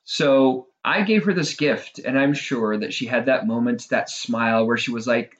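A man's voice: medium pitch, moderate pace, hardly any pauses. A middle-aged man talking through a casual monologue, conversational and self-deprecating, with fillers and wry asides. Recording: dull lo-fi recording.

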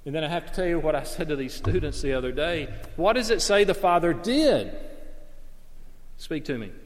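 A man delivers a sermon in an earnest, emphatic way, leaning into his main points. His voice sits a little high for a man. The sound carries the long reverb of a large hall. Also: expressive, normal speed. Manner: earnest, emphatic, rises to stress key points. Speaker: preacher.

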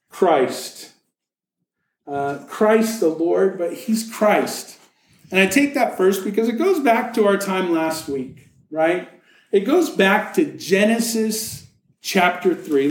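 A man's voice: high-pitched, reverberant, low-quality recording. A man preaching a sermon as pastor, reading scripture and then retelling it with jokes and playful asides.

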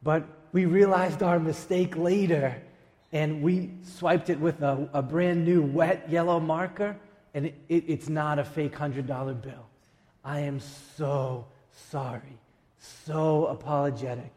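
A male pastor delivers a sermon in a church, slow and emphatic, leaning on dramatic pauses and quick asides. His voice sits a little high. A long reverb from the hall trails after each line. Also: steady tone, darkish tone. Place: church sanctuary.

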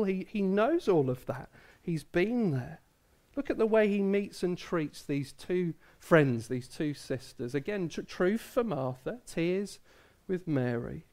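Church preacher for an all-ages service, talks to kids and adults alike and keeps asking "isn't it?". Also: medium pitch. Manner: asks many tag questions, draws in listeners. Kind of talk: family sermon addressing kids and adults.

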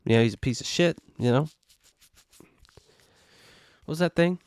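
Rambling, profane podcast host. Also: male voice, mid-range voice, normal speed, long pauses, smooth, dry recording, studio quality. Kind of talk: casual solo podcast monologue. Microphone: podcast microphone.

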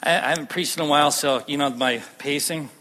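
High-voiced breathless preaching man. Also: a little fast. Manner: animated, swinging from loud bursts to hushed lines. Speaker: pastor. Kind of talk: sermon. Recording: long hall reverb.

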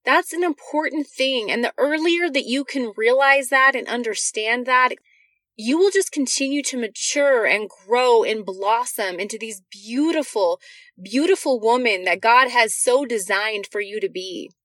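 A woman's voice: on the high side, measured pace, fairly bright tone, no room sound. A woman giving an earnest devotional talk to women, reading scripture verses and speaking directly to her listeners with encouragement.

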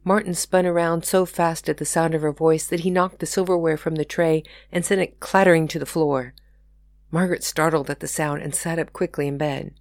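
A woman podcast host reads her own novel aloud in a steady storytelling voice. The sound is close and dry, with no echo around it. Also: low-pitched, fairly quick.

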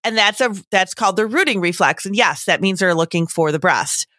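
A bright, clear woman's voice talks casually as a podcast co-host, chatty and animated and full of "like" and "you know". The sound is dry and close to the mic, with no room around it. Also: medium pitch, fairly quick, no room sound. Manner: chatty, animated, lots of fillers.

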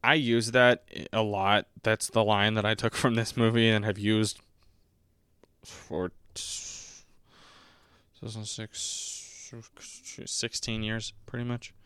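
Rambling young man with a clear, dry voice. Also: flat delivery, normal speed, few pauses, a bit bright, dry recording. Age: 20s. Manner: rambling and self-mocking, often breaks into squeaky high put-on voices. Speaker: podcast host reviewing a movie. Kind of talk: casual rambling commentary.

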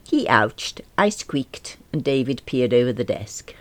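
A woman's voice: rumbling low, very animated, measured pace, dry recording. A middle-aged woman, reading a first-person audiobook in a wry, self-deprecating manner. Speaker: audiobook narrator.

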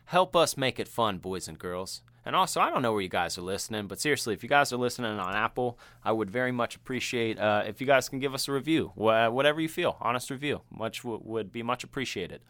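A man co-hosting a casual podcast, talking with a bright, forceful voice. He is animated, laughs often and acts out the people in his stories. The mic picks up a close, dry sound. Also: mid-range voice, fast, few pauses, dry recording. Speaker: podcast co-host. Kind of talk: casual chat.

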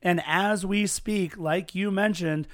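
A man's voice: high voice, fairly even intonation, slow. A man co-hosting a casual sports podcast, telling stories in a chatty, earnest way. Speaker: podcast co-host.

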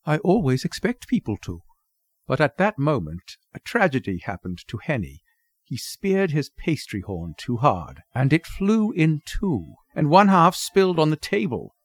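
A man narrating a short story in an expressive, wry storybook reading. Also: a little high, unhurried, dry recording. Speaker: narrator, reader.

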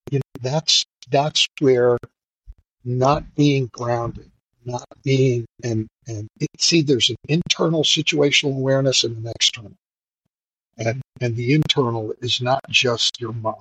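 Middle-aged man, husky raspy voice, dry close mic, rambling profane storytelling, emotional. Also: medium pitch, fairly bright tone, no echo, poor audio. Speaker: firefighter and podcast guest. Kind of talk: candid storytelling interview.

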